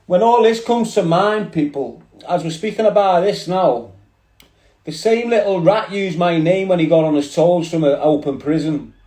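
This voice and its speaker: In an echoey room, a man with a Liverpool accent hosts a casual livestream, rambling in street slang and talking straight to his viewers through a phone. His voice is high and warm, and he keeps a moderate pace.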